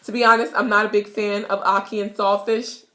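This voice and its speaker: A young woman with a Jamaican accent gives a playful, giggly patois lesson in her kitchen, repeating words slowly. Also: mid-range voice, level tone, pushed and bright. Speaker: vlogger teaching patois. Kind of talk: casual video lesson. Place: home kitchen.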